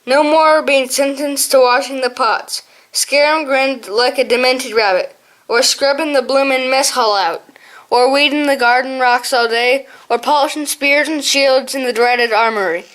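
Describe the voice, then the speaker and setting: A woman gives an amateur audiobook narration, often stumbling over words and restarting them. Her high, slightly bright voice is unhurried, with fairly even intonation.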